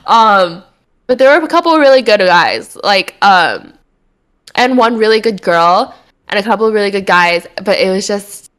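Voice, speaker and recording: A woman's voice: fairly high pitch, animated, moderate pace, fairly bright tone. A woman in her twenties, a podcast co-host, telling rambling stories in casual chat with lots of filler words.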